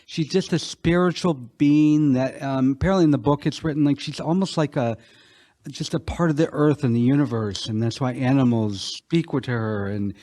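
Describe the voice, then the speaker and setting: A man's voice: mid-range voice, normal speed, mellow, no room sound. A man co-hosting a podcast, reflecting on a film in a conversational way, with dry asides. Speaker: podcast co-host. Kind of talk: casual film discussion.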